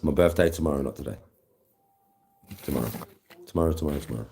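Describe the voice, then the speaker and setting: Deep dark-voiced bloke in his 40s, casual livestream chat, swears a lot. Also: fast, gravelly. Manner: chatty, swears freely, reads viewer names. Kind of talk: casual live-stream chat.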